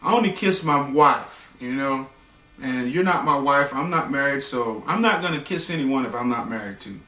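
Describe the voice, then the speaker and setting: A man voicing a prim, overly polite young man on a date, speaking softly and quietly. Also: mid-range voice, lively intonation, moderate pace, pitched below the performer's own voice. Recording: echoey room, voice far from mic.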